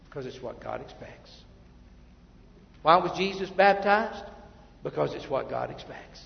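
A male pastor preaching a sermon, emphatic, then dropping to quiet asides. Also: on the high side, animated, a little slow, gravelly. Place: church sanctuary. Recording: muffled, echoey church hall.

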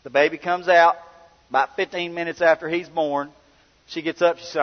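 A man's voice: fairly high pitch, flat delivery, normal speed. A middle-aged man, a pastor telling a personal story in a folksy, conversational sermon. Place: church. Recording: dull sound with long hall reverb.

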